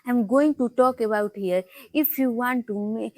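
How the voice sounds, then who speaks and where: A woman recording a casual practice vlog, talking haltingly with lots of fillers and reading out example sentences with exaggerated tone. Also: a little high, darkish tone, no echo. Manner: hesitant, many fillers, learner English; stresses practice sentences with rising tone. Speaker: English learner vlogger.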